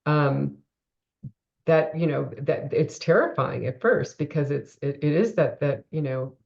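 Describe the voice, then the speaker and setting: A woman's voice: sits low, measured pace, vocal fry, a little mellow, highs cut off. A woman co-hosting a reflective spiritual conversation, thinking aloud with many fillers and restarts. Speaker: co-host discussing a spiritual text.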